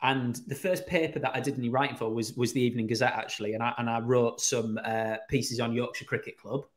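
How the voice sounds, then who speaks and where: A man's voice: mid-range voice, fast talker. Chatty man telling stories. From Teesside, England. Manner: animated storyteller, acts out quoted voices. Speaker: radio presenter, podcast guest. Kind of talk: casual anecdotal chat.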